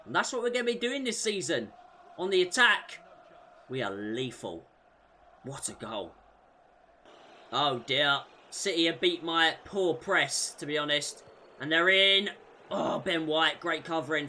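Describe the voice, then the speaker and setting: A man commentating on his own football video game career mode, shouting at goals and groaning at defensive mistakes. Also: a little high, measured pace, a little hiss or hum. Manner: excitable, shouts at big moments, groans at mistakes. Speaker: gaming YouTuber.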